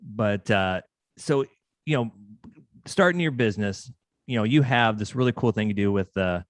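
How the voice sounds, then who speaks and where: A man hosting a casual podcast interview, chatting with animated, storytelling energy. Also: fairly low pitch, moderate pace, no room sound, clean studio sound. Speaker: podcast host.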